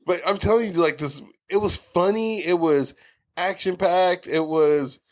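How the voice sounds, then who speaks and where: A man's voice: high-pitched, unhurried. A man co-hosting a podcast in casual chat, telling rambling stories with lots of swearing and restarts. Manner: profane, rambling, storytelling with restarts. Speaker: podcast co-host.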